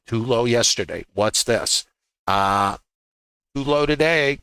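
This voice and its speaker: Brooklyn-accented male trading teacher, bright and forceful, folksy, quippy, rhetorical. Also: medium pitch, expressive, takes it slowly, clear, resonant tone, no room sound. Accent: New York, Brooklyn. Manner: folksy, quips and rhetorical questions. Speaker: trading educator. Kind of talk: livestream market lesson. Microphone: laptop.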